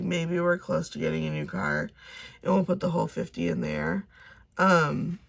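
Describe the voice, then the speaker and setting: A young woman chatting casually as she counts and sorts cash, talking to herself now and then and dropping into soft whispers. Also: on the low side, vocal fry. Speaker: budgeting vlogger.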